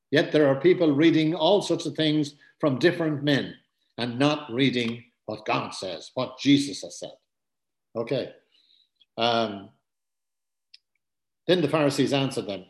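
A man's voice: mid-range voice, normal speed. A man teaching a Bible passage as a sermon, earnest and conversational, repeating his key points and adding asides. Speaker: preacher. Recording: roomy echo.

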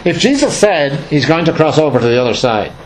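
A man's voice: a little high, big pitch swings, brisk, slight background noise, poor audio. A man leading an informal Bible study, reading scripture aloud and explaining it in a conversational, emphatic way with many fillers and restarts.

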